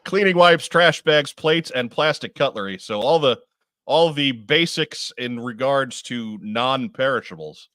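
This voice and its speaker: A man's voice: medium pitch, measured pace, pushed and bright, no room sound. Male podcast co-host, casual and chatty, reads news, dry close mic. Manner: chatty, many uh fillers. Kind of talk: casual chat.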